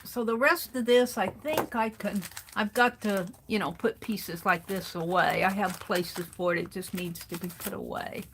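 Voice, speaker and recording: A woman's voice: mid-range voice, moderate pace, hardly any pauses, slight background noise. A woman hosting a craft livestream, chatting casually and thinking aloud as she sorts supplies at her home craft desk, greeting viewers by name. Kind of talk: casual chat while sorting craft supplies.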